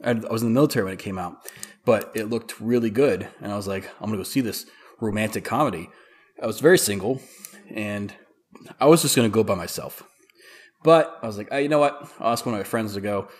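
A man's voice: on the low side, fast, breathy edge. A man who is a podcast guest, chatting casually and telling rambling stories full of "like.". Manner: rambling storyteller, heavy use of "like". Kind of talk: casual chat.

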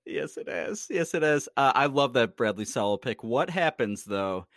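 A man's voice: medium pitch, animated, normal speed, fairly bright tone, no echo, studio quality. A man co-hosting a podcast, chatting casually about sports in a blunt, emphatic, teasing way. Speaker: podcast co-host.

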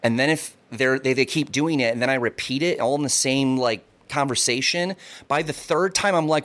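A man's voice: mid-range voice, normal speed, a bit bright. A man in casual podcast chat, rambling and swearing freely, often repeating words as he tells stories.

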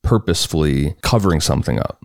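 A man's voice: extremely low pitch, animated, fast talker, vocal fry, dry recording, studio quality. A man co-hosting a true-crime podcast, retelling the case in a plain, matter-of-fact way. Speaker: podcast co-host narrating a case. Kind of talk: casual true-crime storytelling.

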